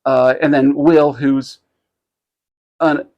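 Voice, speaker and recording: A man co-hosting a podcast, telling a story in casual chat, rambling and halting with many fillers, lively when he quotes others. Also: a little high, dull audio. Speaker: podcast co-host.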